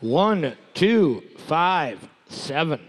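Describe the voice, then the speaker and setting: A man's voice: on the high side, sing-song, very slow. A man co-hosting a live trivia night, chiming in with short replies and dry one-liners. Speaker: trivia co-host. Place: brewery room with live crowd.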